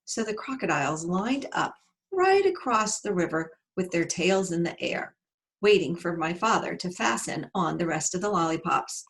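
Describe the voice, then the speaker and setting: Woman, storybook narrator, children's read-aloud, expressive, vocal fry. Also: on the low side, normal speed.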